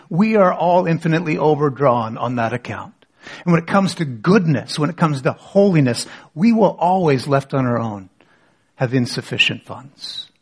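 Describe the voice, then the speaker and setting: A man preaching a sermon as pastor, asking rhetorical questions and leading the congregation in reading scripture aloud. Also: fairly high pitch.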